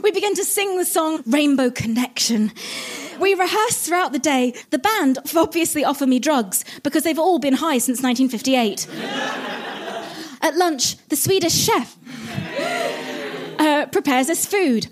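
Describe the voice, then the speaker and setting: High, lively giggly woman comedian. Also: normal speed. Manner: giggly, self-mocking. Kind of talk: reading comedic fan-fiction aloud.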